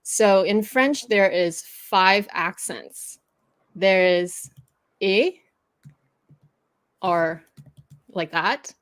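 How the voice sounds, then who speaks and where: A woman's voice: mid-range voice, extremely slow, fairly bright tone. A woman hosting a livestream, patiently explaining pronunciation rules step by step and laughing easily. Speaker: host teaching pronunciation.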